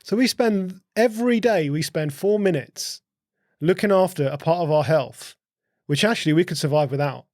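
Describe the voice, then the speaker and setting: A man talks on a podcast in a gravelly, creaky voice and works through his points with rhetorical questions. He often repeats words as he thinks. The sound is dry and close, with no room echo. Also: a little high, moderate pace, darkish tone. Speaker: podcast guest, host's husband. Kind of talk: casual conversational explaining.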